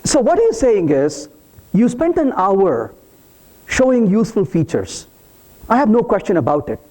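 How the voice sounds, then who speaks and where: A man's voice: sits high, big pitch swings, unhurried, a little mellow. A man giving a live technical conference talk, playful and teasing with the audience as he walks through code. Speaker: conference speaker. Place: conference hall.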